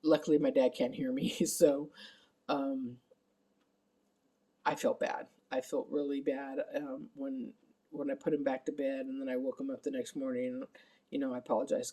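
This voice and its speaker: A woman's voice: very deep voice, flat delivery, moderate pace, dark tone, breathy edge. A middle-aged woman caring for her father, giving a candid, rambling vlog update while exhausted. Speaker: family caregiver.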